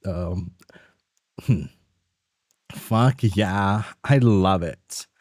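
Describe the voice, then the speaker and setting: Casual male streamer, slow and swear-prone, lively pitch, dry close sound. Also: dry recording. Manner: swears freely, loose and musing. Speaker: streamer reading a webcomic aloud.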